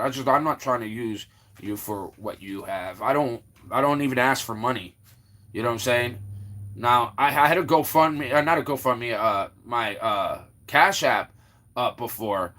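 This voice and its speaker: A man's voice: medium pitch, a bit bright. A man hosting a casual livestream, rambling with lots of fillers and restarts as he greets and teases viewers in the chat. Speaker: livestream host. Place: Florida.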